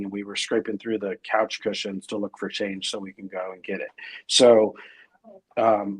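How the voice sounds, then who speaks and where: A middle-aged man as interview guest, talking casually and rambling with many fillers and restarts. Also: on the low side.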